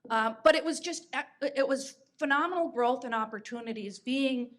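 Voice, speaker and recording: A woman's voice: sits high, normal speed, fairly bright tone. Chatty woman telling anecdotes. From United States. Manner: anecdotal, chatty, frequent fillers and restarts. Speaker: podcast host. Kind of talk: conversational storytelling.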